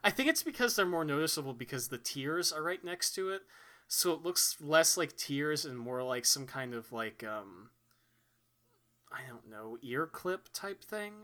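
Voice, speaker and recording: Bright-voiced joking young man, podcast host. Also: fairly high pitch, expressive. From Texas, United States. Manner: rambling, joking, quick to laugh. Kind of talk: casual comedic chat.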